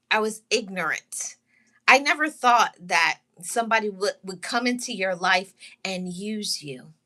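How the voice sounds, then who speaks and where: A woman with a bright, clear voice tells her own story of heartbreak to viewers she calls loved ones. She speaks heartfelt and earnest, repeating herself and restarting lines as she fights back tears. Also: mid-range voice. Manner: heartfelt, repetitive, pausing and restarting, greets live chat. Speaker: channel host sharing her story. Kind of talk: emotional personal testimony to viewers.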